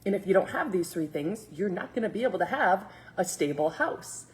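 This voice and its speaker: A woman's voice: lowish voice, brisk, low-quality recording. Chatty woman hosting a live stream. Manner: chatty, animated, acts out quoted dialogue. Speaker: fitness coach host. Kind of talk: live-stream chat to viewers.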